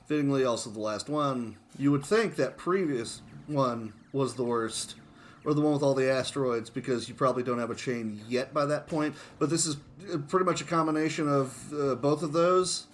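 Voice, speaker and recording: A man's voice: medium pitch, moderate pace, slight background noise. A man giving casual, self-mocking commentary on his own speedrun of a shooter game, chuckling often.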